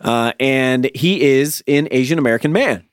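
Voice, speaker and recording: A man's voice: medium pitch, normal speed, clean tone, dry recording, studio quality. Chatty man co-hosting a podcast. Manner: chatty, hesitant restarts, playful. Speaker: podcast co-host. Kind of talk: casual chat. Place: podcast studio. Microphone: studio microphone.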